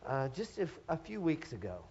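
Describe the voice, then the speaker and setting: A man's voice: on the high side, big pitch swings, normal speed, a little mellow, slight background noise. A middle-aged man preaching a sermon to his congregation. He speaks earnestly, often poses rhetorical questions and restarts his phrases. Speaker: pastor. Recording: dull lo-fi sermon recording.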